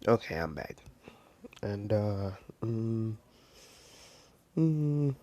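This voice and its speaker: A man casually telling a fan story off the cuff, rambling with lots of fillers, dropping into soft whispers now and then. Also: fairly low pitch, expressive, drawn-out words.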